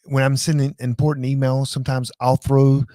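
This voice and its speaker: A middle-aged man hosting a live show, chatting casually and telling rambling, animated stories full of restarts. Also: mid-range voice, a little fast, dry recording, clean studio sound. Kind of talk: casual live-stream chat.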